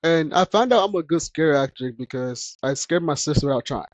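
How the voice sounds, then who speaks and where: A man's voice: a little high, expressive, a little fast, dry recording. A man hosting a casual podcast chat who laughs often while telling stories. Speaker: podcast host.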